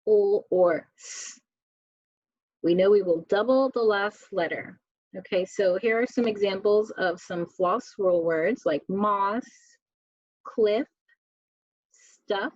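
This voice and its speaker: A woman teacher talks through a spelling lesson at a very slow, deliberate pace, sounding out each letter. Her voice is dry and close, with a dull, muffled lo-fi quality to the recording. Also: medium pitch, dry recording.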